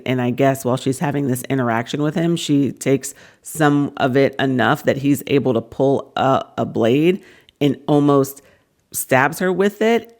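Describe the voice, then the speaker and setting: A woman hosting a casual book breakdown vlog, earnestly retelling the plot at length. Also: very deep voice. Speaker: book reviewer.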